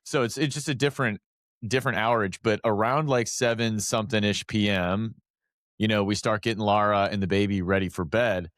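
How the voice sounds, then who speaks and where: Low-voiced laid-back man chatting. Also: fairly even intonation, brisk, fairly bright tone, dry recording. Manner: laid-back, rambling, swears casually. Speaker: podcast co-host. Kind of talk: casual chat.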